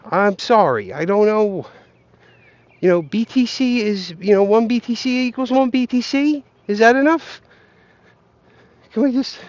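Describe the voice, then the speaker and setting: A man's voice: sits high, a little mellow, no room sound, dull audio. A man ranting and joking while walking outdoors, profane and rambling, talking straight to his viewers. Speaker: vlogger. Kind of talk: rambling comic rant. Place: outdoors, walking along a path.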